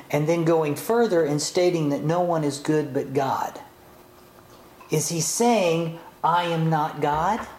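A man teaching from scripture in a relaxed sermon style, chatty and given to side remarks and acted-out intonations. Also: fairly high pitch, slight background noise. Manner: conversational, digresses with chuckles, acts out intonations. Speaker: Bible teacher. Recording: roomy hall, faint ambience.

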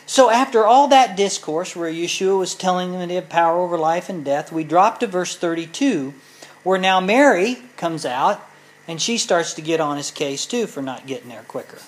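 A woman's voice: fairly low pitch, expressive, moderate pace, poor audio. A woman teaching a sermon in an earnest, explanatory way, speaking directly to her listeners. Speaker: Bible teacher.

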